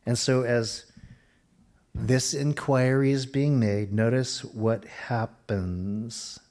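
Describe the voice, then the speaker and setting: A middle-aged man preaching a sermon, slowing down for emphasis and dropping to a near hush at times. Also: mid-range voice. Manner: expressive preaching, slows for emphasis and drops to a hush. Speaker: pastor.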